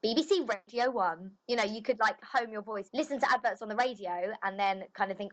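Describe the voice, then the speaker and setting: A woman's voice: mid-range voice, quick pace, few pauses, low-quality recording. A woman voice actress chatting casually in an interview, loose and full of filler phrases. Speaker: voice actress guest.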